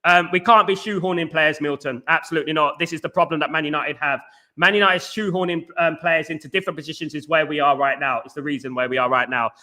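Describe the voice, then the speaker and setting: A man hosting a live fan stream, talking fast and animated, bantering while reading out chat messages. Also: fairly high pitch.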